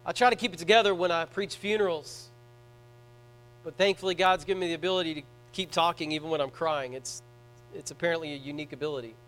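A man preaching a sermon in a church, swinging between hushed, tender passages and loud, fervent ones. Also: fairly high pitch, quick pace, poor audio. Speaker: pastor.

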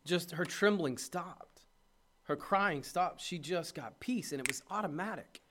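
A middle-aged man, a pastor preaching a sermon with impassioned urging that drops to soft tenderness. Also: on the high side, measured pace, a little hiss or hum.

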